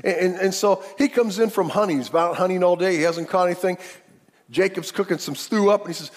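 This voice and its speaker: A male pastor telling a story in a sermon, animated and acting out the characters. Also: high voice, fairly quick. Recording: long hall reverb.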